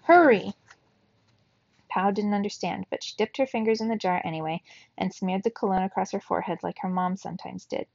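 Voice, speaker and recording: A woman reading a children's novel aloud for a book club, telling the story in a steady, expressive way. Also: mid-range voice, fast, gravelly, no room sound, muffled recording.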